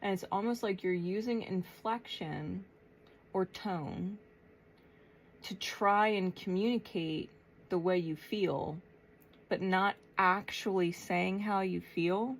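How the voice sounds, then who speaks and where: A woman tarot reader channeling messages aloud, thinking as she goes, with long pauses and a soft, unhurried way of talking. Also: medium pitch, a little hiss or hum. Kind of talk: slow, reflective spiritual channeling.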